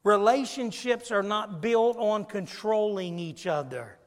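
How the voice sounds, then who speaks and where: A male preacher delivering an emphatic sermon, rising to loud peaks and dropping low again. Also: unhurried. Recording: long echo in a large hall.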